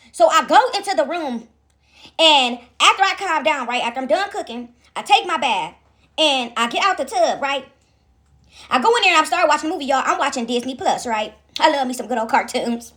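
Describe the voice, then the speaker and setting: A woman's voice: sits high, expressive, brisk, a bit bright. A woman vlogging from home, telling a rambling story to her viewers in a casual, chatty way. She calls out to them often, asks "right?" again and again, and laughs as she goes. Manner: chatty, addresses viewers as "y'all", frequent "right?".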